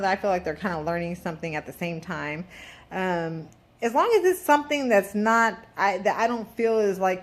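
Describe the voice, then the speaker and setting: A woman in her thirties, a mother venting in a casual vlog, blunt and profane with rambling asides. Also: on the low side. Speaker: parent vlogger.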